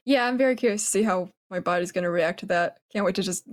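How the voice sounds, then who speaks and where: A woman guest on a podcast, chatting in a relaxed, wry way. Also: fairly low pitch, fast. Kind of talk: casual chat.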